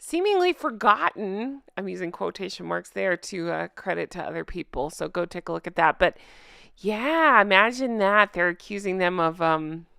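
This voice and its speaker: A woman vlogger talks straight into a close microphone in casual, sarcastic commentary. Her voice is smooth and clear, dry with no room sound, and she stays animated and laughs often. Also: on the low side, moderate pace, no echo. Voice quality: self-described drunk-goose voice.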